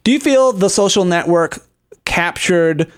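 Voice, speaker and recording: Rambling man with a higher voice. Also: animated, measured pace, clear, resonant tone. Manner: rambling, many fillers and restarts. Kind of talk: casual banter.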